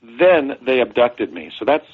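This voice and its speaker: Male guest, 50s, husky and deliberate, tinny phone line. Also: medium pitch, very animated. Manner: measured, deliberate. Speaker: interview guest. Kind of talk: recounting a personal story. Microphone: phone call.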